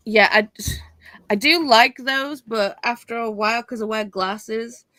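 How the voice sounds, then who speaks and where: Relaxed woman chatting, dry close sound. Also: on the high side, takes it slowly, dry recording. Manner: relaxed, many fillers like "you know". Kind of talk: casual chat.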